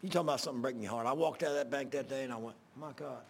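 A middle-aged pastor, preaching in a folksy, rambling storytelling way, repeating himself and getting loud at emotional peaks. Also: male voice, mid-range voice, very fast, a little hiss or hum.

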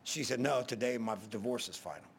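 A middle-aged pastor, preaching in a folksy, rambling storytelling way, repeating himself and getting loud at emotional peaks. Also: male voice, mid-range voice, brisk, a little hiss or hum.

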